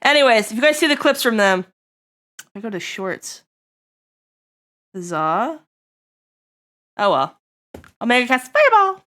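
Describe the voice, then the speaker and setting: High-pitched giggly woman streamer. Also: very animated, unhurried, pauses often. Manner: giggly, rambling, bursts into loud laughter. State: throat getting tickly. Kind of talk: casual live-stream chat.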